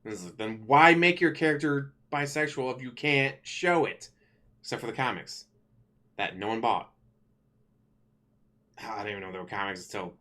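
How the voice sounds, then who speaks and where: A man ranting casually to camera as a channel host, rambling and correcting himself, blunt and quick to swear. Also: medium pitch, bright, forceful tone.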